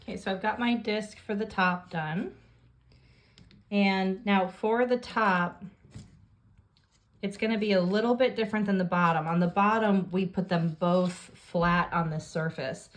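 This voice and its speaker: A woman calmly explaining a paper craft step by step as she works through it. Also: medium pitch, unhurried. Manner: calm step-by-step instructions while working. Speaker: craft tutorial host. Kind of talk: hands-on craft tutorial.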